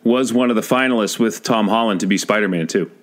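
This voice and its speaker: A man's voice: lowish voice, quick pace. Dry, sardonic male co-host. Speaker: podcast co-host. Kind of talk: casual chat.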